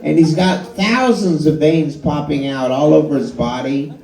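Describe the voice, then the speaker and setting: A man doing a stand-up comedy set, telling a story in an animated way and swearing freely. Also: a little high, normal speed, vocal fry. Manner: animated storytelling, swearing, crowd laughing along. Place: live comedy show at a bar and grill. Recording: echoey bar room with a loud crowd. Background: audience laughing.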